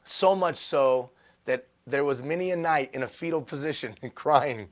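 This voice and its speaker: A male motivational speaker giving a live keynote talk, animated and self-deprecating, repeating phrases for emphasis. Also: medium pitch, moderate pace. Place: stage before a live audience.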